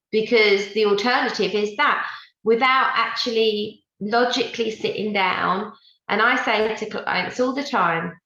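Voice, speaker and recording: A woman dog trainer with a gravelly, bright and forceful voice, talking animatedly on a podcast and quoting her clients. Her audio is echoey and somewhat dull. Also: mid-range voice. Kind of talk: casual podcast chat.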